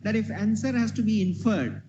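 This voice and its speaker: A man's voice: sits high, animated, normal speed. A man, a judge interjecting and probing counsel in a courtroom. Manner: interjecting, probing, repeats key words. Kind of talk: courtroom questioning. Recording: muffled noisy courtroom audio.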